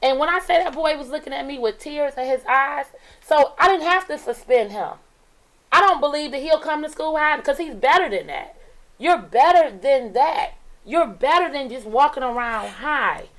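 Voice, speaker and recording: A middle-aged woman teacher with a high voice tells classroom stories at a normal speed, casually chatting on a radio talk show. She's animated and acts out the dialogue herself. The recording is rough.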